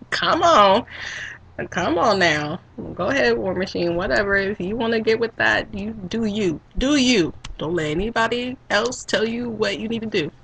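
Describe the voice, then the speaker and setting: Sassy, lively-voiced woman ranting. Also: mid-range voice, a little slow, creaky, a little hiss or hum, low-quality recording. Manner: sassy, animated, laughs often. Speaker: vlogger. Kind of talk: casual rant to camera.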